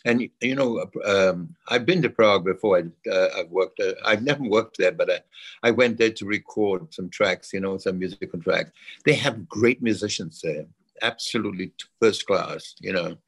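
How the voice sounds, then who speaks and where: An older man chatting as a guest in an interview, halting and repeating himself, often adding "you know". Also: low voice, fairly bright tone, slightly rough. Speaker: guest singer. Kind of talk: casual interview chat.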